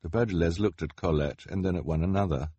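A man narrating an audiobook in a wry, expressive way. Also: deep voice, fast, husky, dry recording.

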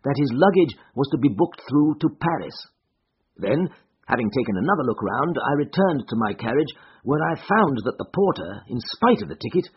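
A man narrating a classic story aloud in the first person with an expressive, varied delivery, on a dull lo-fi recording. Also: mid-range voice, slight background noise. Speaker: audiobook narrator.

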